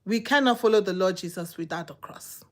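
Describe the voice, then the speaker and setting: A woman with a Nigerian English accent delivers a sermon in a brisk, mid-range voice. She is emphatic and repetitive, swinging between loud exhortation and quiet asides.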